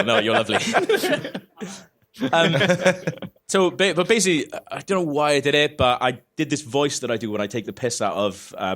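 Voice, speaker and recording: A man's voice: mid-range voice, fairly bright tone. Sweary laughing podcast host, man. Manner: laughing, sweary, self-mocking. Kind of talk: comedic live podcast storytelling. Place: live stage in front of an audience.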